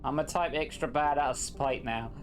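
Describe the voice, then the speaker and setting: A man's voice: medium pitch, fairly quick, soft background music. A man live-streaming a game, chatting casually, joking and teasing as he reads chat aloud.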